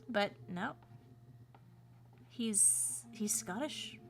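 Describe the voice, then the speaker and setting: A woman's voice: mid-range voice, lively intonation, takes it slowly, long pauses, a little hiss or hum. An American woman, a cartoonist and voice actor, chatting casually and rambling on her livestream with playful asides. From United States.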